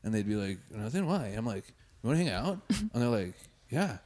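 A man in casual chat, animated and quick to react with laughs and exclamations. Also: medium pitch.

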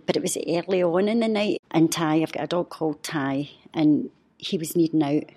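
Fifties woman, podcast guest, low husky voice, emotional halting storyteller. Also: fairly even intonation, mellow. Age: 50s. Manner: heartfelt, halting, with restarts.

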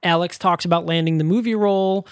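A man's voice: high voice, steady tone, fast, smooth, dry recording, clean studio sound. A man co-hosting a podcast, reviewing a movie in casual chat and rambling with lots of fillers. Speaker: podcast co-host.

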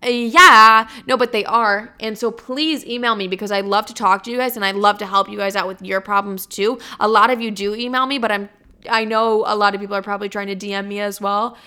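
A woman's voice: medium pitch, fairly even intonation, brisk, sharp tone, clean tone. A young woman in her twenties hosting her own podcast, signing off in a casual, chatty way full of swearing and rambling asides. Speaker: podcast host. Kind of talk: casual solo podcast outro.

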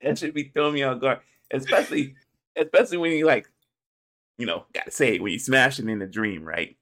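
A man's voice: mid-range voice, a little fast, a bit bright. A man co-hosting a casual in-person podcast, laughing often and acting out little skits in put-on voices. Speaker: podcast co-host. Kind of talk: casual chat. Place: in-person studio conversation.

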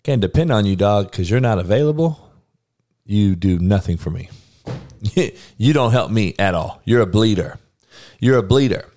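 Man ranting loud and profane. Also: fairly low pitch, lively intonation, normal speed, pauses often. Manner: blunt, profane, heated ranting with laughs. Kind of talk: casual profane rant.

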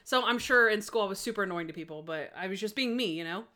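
A woman's voice: medium pitch, quick pace. Chatty young woman telling a story. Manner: animated, lots of fillers and acted-out quotes. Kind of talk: casual storytelling chat.

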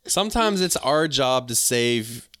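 A man's voice: medium pitch, lively intonation, a little slow, fairly bright tone, dry recording, clean studio sound. A man, co-hosting a casual chat and telling stories with a joking manner. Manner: joking storyteller, drawls out quoted voices. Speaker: podcast co-host.

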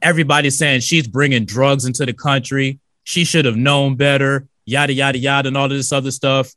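A man's voice: mid-range voice, steady tone, a little fast, a bit bright, dry recording. A man co-hosting a radio talk show in a studio, loose and slangy, cursing freely. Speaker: radio co-host.

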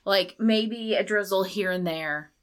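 A woman's voice: mid-range voice, a little slow, clear, resonant tone. A woman in her thirties, a podcast cohost in casual chat, rambling with lots of "like" fillers. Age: 30s. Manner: rambling, filler-heavy with constant "like".

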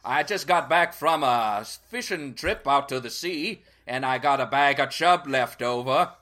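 Man putting on a fisherman peddling fish, wobbly accent, bright tone, loud. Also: medium pitch, animated, unhurried. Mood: folksy. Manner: drifting put-on accent.

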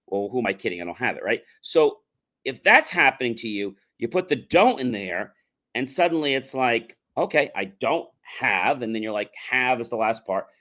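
A man's voice: mid-range voice, a bit bright. A man on a talk show explaining a mindset technique, coaching listeners and acting out repetitive self-talk.

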